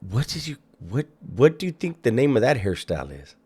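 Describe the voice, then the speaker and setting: A man's voice: medium pitch, very animated, brisk, a little mellow, slightly rough. A man hosting a reaction video, making sarcastic, profane and mocking commentary. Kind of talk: casual commentary.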